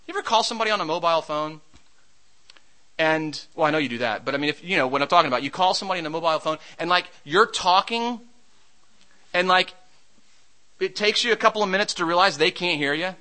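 Male preacher, high and very bright voice, conversational sermon delivery with storytelling. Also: lively intonation, fast, pauses often, low-quality recording. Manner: storytelling, shouts during a comic anecdote.

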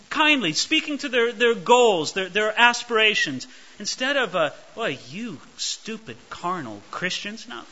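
A man preaching a verse-by-verse sermon as pastor, emphatic and animated, acting out quoted voices. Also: sits high. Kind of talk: expository sermon. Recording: dull lo-fi recording.

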